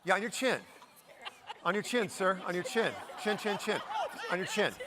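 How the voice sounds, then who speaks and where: A man from Denver giving a high-energy keynote, playfully ordering the audience around with quick commands. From Denver, Colorado. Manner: upbeat, playful, bossing the crowd with quick commands. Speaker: keynote speaker. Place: conference hall stage.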